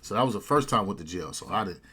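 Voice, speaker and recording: A man telling a long casual story, acting out the people in it with sudden high-pitched quoted voices. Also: racing, breathy edge. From California. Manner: animated, acts out quoted voices with big jumps in pitch.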